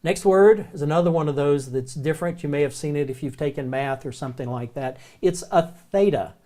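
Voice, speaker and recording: Relaxed Southern man teaching Greek. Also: a little high. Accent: Southern American. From American South. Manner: relaxed, chatty, repeats words slowly. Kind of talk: recorded classroom lecture.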